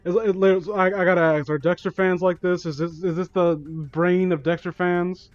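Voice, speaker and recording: A man's voice: high voice, steady tone, moderate pace, no room sound, dull audio, soft background music. A young man reading a fan story aloud for comedy, breaking off into sarcastic, exasperated commentary.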